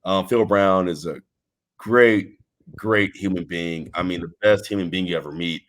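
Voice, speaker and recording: Low-voiced laid-back man, rambling chat. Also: moderate pace. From Texas. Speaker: wrestling guest. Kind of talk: casual interview chat.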